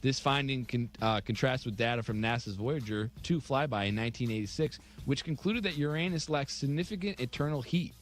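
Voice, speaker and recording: A man's voice: mid-range voice, brisk, few pauses. A man co-hosting a radio show, reading offbeat news stories aloud and chuckling at them.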